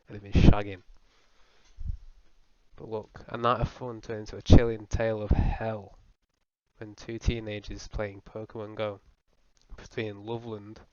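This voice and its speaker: A young comedy video host with a lowish, slightly mellow voice delivers a profane, rambling, mock-serious comedic rant as a voice-over. There's no echo, and the voice-over sounds dull and lo-fi with faint music underneath.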